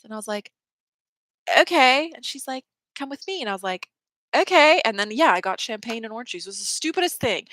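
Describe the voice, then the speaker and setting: A woman's voice: mid-range voice, fairly bright tone, dry recording. A woman hosting a livestream, telling a rambling story in casual chat, full of "like" and laughing between words. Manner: chatty, rambling, heavy use of "like"; laughs mid-sentence while storytelling. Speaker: livestream host.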